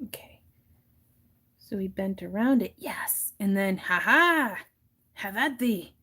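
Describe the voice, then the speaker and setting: A woman's voice: medium pitch, expressive, slow pace, bright, forceful tone, breathy edge. A woman hosting a crafting livestream, chatting casually and laughing often while she wire wraps. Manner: giggly, chatty, acts out little voices in her stories.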